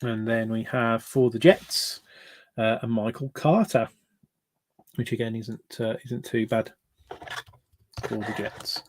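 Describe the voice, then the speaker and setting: A man's voice: medium pitch, steady tone, takes it slowly, long pauses. A man hosting a card break, chatting casually with many fillers and restarts.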